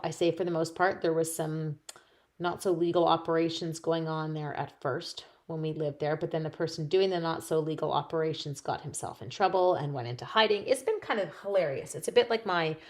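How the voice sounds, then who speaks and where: A woman's voice: deep voice, fairly quick. A woman demonstrating stamping on a livestream, chatting casually and giggling as she answers viewers while she works. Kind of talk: casual live-stream chat while crafting.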